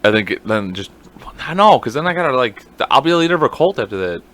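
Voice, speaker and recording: A man's voice: medium pitch, big pitch swings, fast, a bit bright. A young man co-hosting a casual podcast, joking crudely and swearing freely while smoking a cigar. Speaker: podcast co-host. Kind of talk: casual chat. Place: small room, smoking cigars. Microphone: studio mic on a desk.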